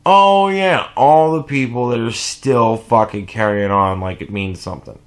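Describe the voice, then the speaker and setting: A man giving casual reaction commentary, animated and profane, rambling with restarts and sounding sleep deprived. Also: medium pitch, measured pace. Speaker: commentary vlogger.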